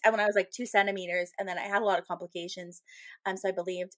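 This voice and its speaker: Her pace is quick and her medium-pitched voice a bit bright yet steady in tone. She is a woman in her thirties, a medium co-hosting a spiritual podcast, telling stories in casual chat with frequent laughs and many fillers.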